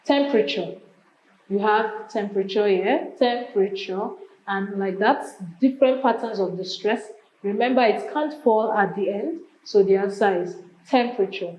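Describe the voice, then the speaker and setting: A woman with a Nigerian English accent teaching an exam prep lesson, drilling word lists slowly and repeating them. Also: medium pitch, darkish tone, reverberant, muffled recording, a little hiss or hum.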